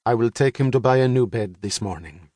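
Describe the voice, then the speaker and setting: A man's voice: mid-range voice, brisk, dark tone, dry recording, lightly acted. A fussy middle-aged mother with a stern, clipped delivery, as a male audiobook narrator puts her on. She speaks formally and precisely, with no contractions. The sound is dry and close.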